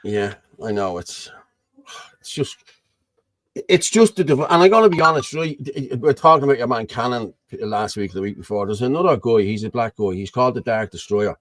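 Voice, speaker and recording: A man's voice: mid-range voice, animated, moderate pace, dry recording. Rambling Irish man hosting. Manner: rambling, keeps saying "you know what I mean". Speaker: host. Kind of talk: casual chat on a video call.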